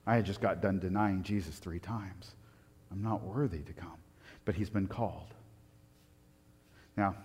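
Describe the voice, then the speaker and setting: A man preaching a sermon, telling stories with lively swings from loud excitement to quiet reflection. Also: low voice, big-room sound. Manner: animated storytelling, rising loud for anecdotes, dropping soft for reflection. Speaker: pastor.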